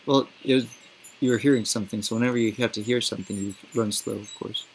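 A man's voice: medium pitch, steady tone, fast talker, darkish tone, a little hiss or hum, rough recording. A man watching a friend play a game, teasing him and laughing often in casual chat.

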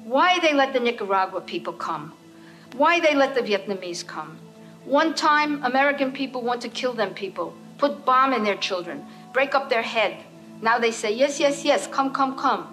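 A man's voice: very high-pitched, lively intonation, moderate pace, pushed and bright, faint music behind, voice pushed up, heavily acted, rough recording. A woman voicing an older male taxi driver with a Haitian French accent, speaking broken English in insistent, repeated questions. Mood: demanding.

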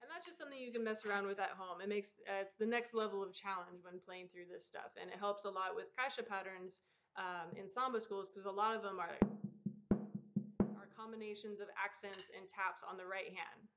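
A woman teaching an online drum lesson, explaining patterns in a relaxed, encouraging way and counting aloud. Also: mid-range voice, a little fast, over loud music. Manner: counts aloud and vocalizes rhythms over drumming. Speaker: percussion teacher. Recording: dull lo-fi sound with loud drumming behind. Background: loud percussion.

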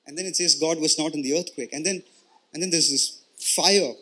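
A man's voice: a little high, moderate pace, pushed and bright, slightly rough. A male pastor preaching in a conversational, explanatory way, often checking in with "right?" and "you know" and repeating words as he goes. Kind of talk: conversational sermon.

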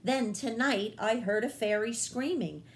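A woman voicing a gentle, apologetic small male bat in a children's read-aloud, humble and pleading. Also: fairly high pitch, unhurried, voice pushed up.

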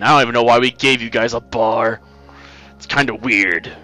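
A man's voice: mid-range voice, fairly even intonation, normal speed, pushed and bright, soft background music. A man hosting a let's play, making sarcastic, joking asides about the game's story. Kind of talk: casual game commentary.

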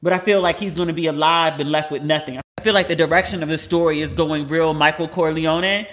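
A woman hosting a podcast, giving a blunt, animated recap of a TV episode in casual chat and swearing freely. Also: sits low, brisk. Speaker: podcast host.

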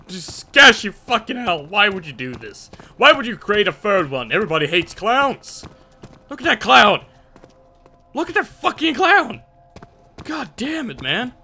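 A young man commenting on a horror game as he plays, excitable and jumpy, swearing often. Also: high voice. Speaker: gameplay commentator.

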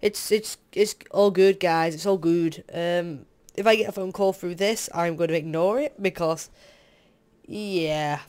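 A young man's clear, resonant, darkish voice sits high, with fairly even intonation and an unhurried pace. Hosting a Let's Play, he rambles through casual commentary while tired and yawning, hesitating with plenty of "um"s and slipping into candid side remarks.

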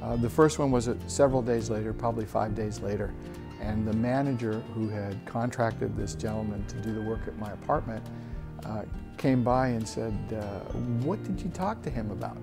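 A man in his thirties telling a personal faith story in an earnest, halting way with frequent restarts. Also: lowish voice, fairly even intonation, gravelly. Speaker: church member sharing a testimony. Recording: soft guitar music behind. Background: soft guitar music.

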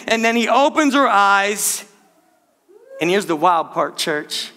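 Middle-aged preacher, man, bright and high-pitched, lively narrative sermon style. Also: measured pace. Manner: animated storytelling, addresses congregation as "church". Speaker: pastor.

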